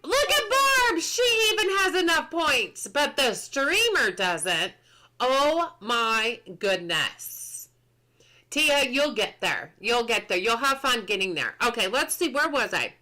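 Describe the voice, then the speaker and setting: A woman's voice: on the high side, sing-song, takes it slowly, sharp tone. A woman game streamer chatting casually on a live stream, reading patch notes aloud, answering chat and laughing often.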